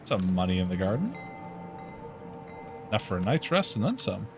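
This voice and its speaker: A man's voice: lowish voice, very animated, normal speed, music in the background. A man streaming a game, making wry, profane asides to himself while he plays. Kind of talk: casual gaming commentary.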